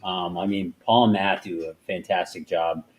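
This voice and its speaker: A man talking easily and low-key in casual conversation. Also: fairly even intonation, normal speed, slight background noise. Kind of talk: casual chat.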